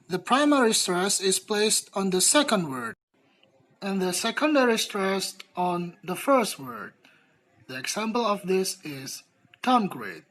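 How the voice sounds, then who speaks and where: A young woman student reading a class presentation slowly and carefully, with small grammar slips. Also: medium pitch, fairly bright tone, low-quality recording.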